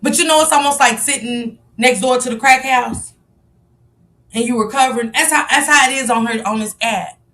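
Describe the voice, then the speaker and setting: A woman's voice: on the high side, moderate pace, fairly bright tone. A woman hosting a live stream in casual chat, speaking candidly and confessionally, swearing freely as she greets and answers her viewers. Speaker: livestream host.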